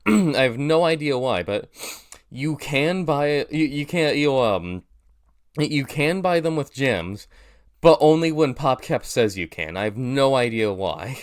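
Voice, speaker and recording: Nasal young man rambling casually. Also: medium pitch. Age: young adult. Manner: rambling, self-deprecating, many fillers and restarts. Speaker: YouTuber reacting to his old video. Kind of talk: casual reaction commentary.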